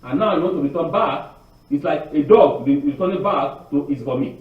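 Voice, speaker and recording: A man preaching a sermon on the weekly Torah portion, animated, asking the congregation rhetorical questions and often repeating and restarting words. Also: a little high, a little fast. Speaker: congregation teacher. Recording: very echoey, distant, dull lo-fi.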